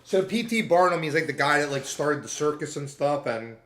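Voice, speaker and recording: A man's voice: on the high side, expressive, moderate pace, a bit bright. A man streaming and chatting casually with his viewers, rambling and playful, often trailing off mid-sentence. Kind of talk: casual chat to a live stream chat. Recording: echoey room with faint background music.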